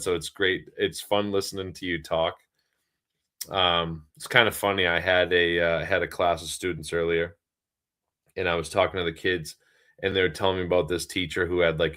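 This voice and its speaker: A man with a low, deep voice chats casually on a livestream. He rambles along easily, with plenty of ums and you-knows. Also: little pitch movement, fairly quick, sharp tone. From Boston area, US. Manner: easygoing, rambling, many fillers. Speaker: livestream co-host.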